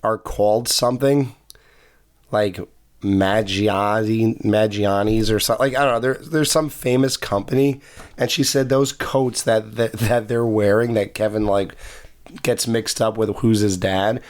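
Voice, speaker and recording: A man co-hosting a casual film review podcast, making quick joking asides. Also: lowish voice, steady tone. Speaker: podcast co-host.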